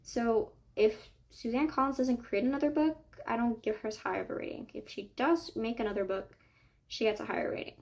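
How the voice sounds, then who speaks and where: A woman's voice: fairly high pitch, fairly quick. Chatty young woman, rambling book talk. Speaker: book vlogger. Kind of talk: casual chat while making a digital journal.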